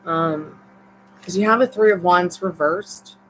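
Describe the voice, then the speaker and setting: A woman's voice: lowish voice, measured pace, fairly bright tone, slight background noise, low-quality recording. A woman with a Southern accent gives a live-streamed tarot reading in a chatty, encouraging, rambling way. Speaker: tarot reader.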